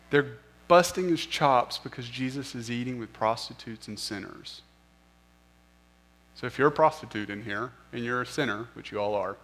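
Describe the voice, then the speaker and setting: A man's voice: medium pitch, gravelly, a bit bright. A man preaching a sermon as pastor, conversational and self-deprecating, often asking the listeners questions.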